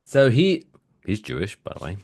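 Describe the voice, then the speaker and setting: An animated man telling stories on a podcast. His pitch swings widely and he breaks into loud, excited bursts. His voice sits on the low side. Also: moderate pace. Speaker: podcast co-host. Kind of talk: casual chat.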